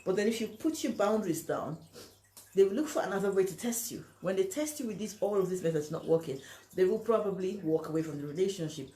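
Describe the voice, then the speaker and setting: A woman's voice: medium pitch, expressive, fast, warm tone. A woman talking to camera and giving relationship advice, speaking emphatically and acting out the lines other people say. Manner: emphatic, acts out quoted lines, asks "you understand?". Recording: echoey room.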